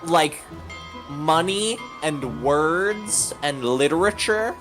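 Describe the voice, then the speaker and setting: A man playing a tabletop game, chatting in an unhurried, playful way and searching for his words. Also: on the high side, expressive, music in the background. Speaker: player. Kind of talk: casual chat at a tabletop game.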